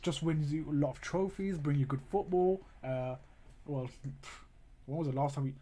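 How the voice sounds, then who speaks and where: A man's voice: a little high, moderate pace, mellow, a little hiss or hum. Exasperated man ranting over a match. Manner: talks to chat viewers directly. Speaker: livestream host. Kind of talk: live football watchalong commentary.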